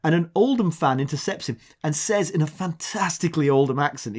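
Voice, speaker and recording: A man with an English accent, co-hosting a podcast and telling a long anecdote in casual chat. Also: brisk. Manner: chatty storyteller, animated pitch, mimics accents in quotes. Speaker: podcast co-host.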